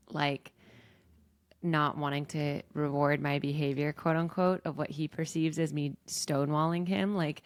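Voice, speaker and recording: A young woman hosting her own podcast speaks candidly and self-reflectively about a recent personal struggle. Her voice sits low with a noticeable vocal fry. The sound is dry, with no room echo. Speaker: podcast host and coach.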